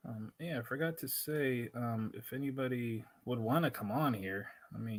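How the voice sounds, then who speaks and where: A man hosts a casual livestream into a laptop mic, speaking with a Spanglish accent. He rambles, cuts himself off, and laughs often. His voice is mid-range and his speed normal.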